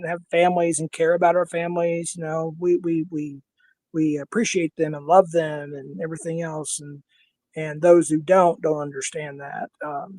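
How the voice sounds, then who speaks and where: A man's voice: fairly high pitch, darkish tone, dry recording. A man in his fifties with a Minnesota accent, hosting a casual livestream panel in a blunt, heated way and swearing freely. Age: 50s.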